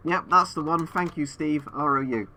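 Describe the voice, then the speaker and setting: A man's voice: a little high, normal speed, noisy background. A man streaming from home over a webcam, answering viewers in a rambling way, his voice muffled through a gas mask. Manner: rambling, thinking aloud with fillers.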